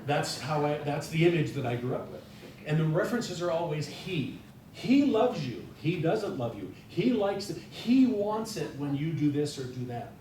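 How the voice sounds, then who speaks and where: Male guest speaker from North Dakota, rambling and folksy, heard from a distance in a very echoey church hall with a faint rumble. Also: big pitch swings, moderate pace, dark tone. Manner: chatty, self-deprecating, many fillers and restarts. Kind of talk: informal sermon talk. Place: church sanctuary.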